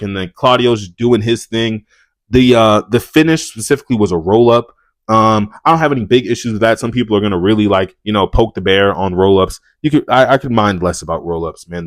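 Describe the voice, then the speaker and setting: A man reviewing a wrestling show in a casual, rambling way. He swears freely and often trips over and repeats his words as he gets excited. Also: on the low side, no room sound, clean studio sound. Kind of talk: casual profane commentary.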